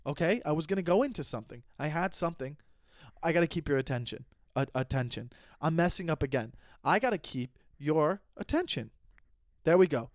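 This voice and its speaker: A man's voice: fairly high pitch, quick pace, no room sound, studio quality. Rambling, self-aware man in his thirties. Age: 30s. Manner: rambling, self-aware, jokey with frequent restarts. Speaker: podcast host. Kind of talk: solo comedy podcast monologue.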